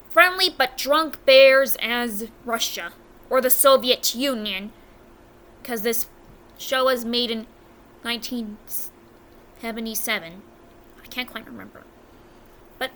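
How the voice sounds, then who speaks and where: This young American woman, a video reviewer, has a high-pitched, sharp voice, with a little hiss or hum in the recording. She gives casual, blunt, exasperated ranking commentary on a video and often stops to correct herself.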